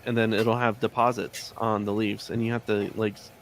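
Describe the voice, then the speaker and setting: A man's voice: on the low side, flat delivery, moderate pace, slight background noise. A man chatting casually on a livestream, easygoing and explanatory, often laughing.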